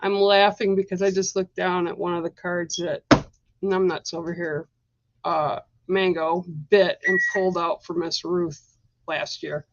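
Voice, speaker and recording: A woman's voice: on the low side, flat delivery, a little slow, highs cut off. A woman giving a chatty, reassuring live-stream card reading, talking straight to her viewers. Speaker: psychic card reader.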